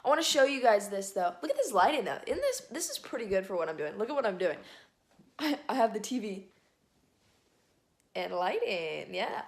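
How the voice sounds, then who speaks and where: A young woman in her late teens from Atlanta, vlogging casually and excitably as she talks to her camera, often giggling. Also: mid-range voice, normal speed, dry recording. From Atlanta, Georgia. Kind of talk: casual vlog. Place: outdoors in snow and in a car.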